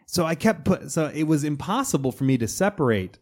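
A man hosting a casual podcast chat, lively and jumping into put-on voices when he quotes film scenes. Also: a little high, a little fast. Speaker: podcast host.

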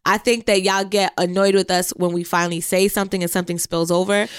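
A woman co-hosting a casual podcast, her voice sitting a touch low and sounding smooth and resonant. She talks bluntly and swears freely, and a close mic gives a dry sound with almost no room. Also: level tone, quick pace, dry recording. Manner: blunt, profane, laughs often. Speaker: podcast co-host. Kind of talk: casual chat.

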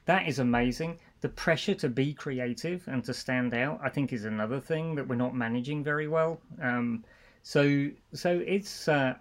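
Relaxed English man telling family anecdotes. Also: mid-range voice. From England. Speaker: guest, marketing executive. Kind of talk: casual interview chat.

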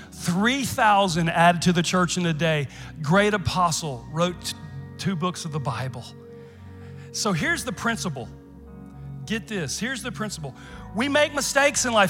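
High-voiced preaching man in a reverberant hall. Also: fairly bright tone. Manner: preaching with rising intensity and repeated questions to the congregation. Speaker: pastor. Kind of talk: sermon.

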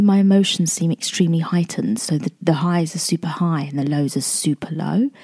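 A woman's voice: on the low side, mellow. A young woman talking in a casual, emotional, rambling way, with lots of fillers and restarts. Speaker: podcast host. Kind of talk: casual personal chat.

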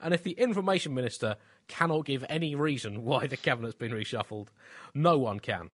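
A man's voice: medium pitch, a little fast, fairly bright tone. A man co-hosting a satirical comedy chat, with dry, wry asides. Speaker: podcast co-host.

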